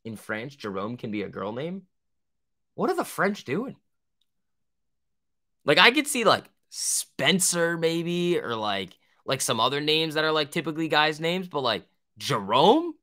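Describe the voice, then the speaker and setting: A man's voice: on the high side, big pitch swings, a little slow, bright, forceful tone. A young man hosting a trading livestream, answering viewer questions in a rambling, profane, joking way. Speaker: stock trading livestream host.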